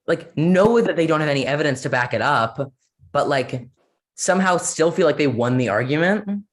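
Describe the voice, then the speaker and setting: A man's voice: on the high side, lively intonation, normal speed. A man speaking as a guest in a casual podcast interview, rambling with many fillers and sarcastic asides.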